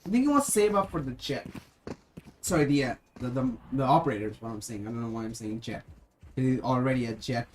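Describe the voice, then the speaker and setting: An esports caster rattles off play-by-play calls at a brisk clip. The voice leaps up on big plays and falls to a low, offhand tone for asides and self-corrections. A faint background noise sits under the commentary. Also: rough recording. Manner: rapid game calls with excited rises on kills; drops to a low aside when correcting himself.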